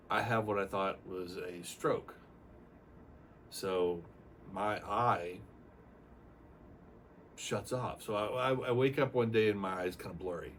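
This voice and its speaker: Low-voiced older man telling his story. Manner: rambling, animated retelling with acted-out quotes. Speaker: retired Navy aircrewman giving a testimonial. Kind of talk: casual storytelling testimonial. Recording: distant mic with faint room noise.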